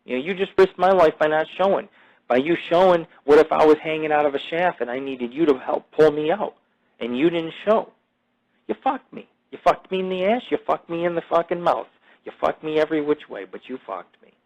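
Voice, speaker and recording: A man's voice: fairly high pitch, fairly quick, a little mellow. A man hosting a podcast, telling crude stories in a boastful, profane, rambling way full of fillers. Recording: dull lo-fi audio.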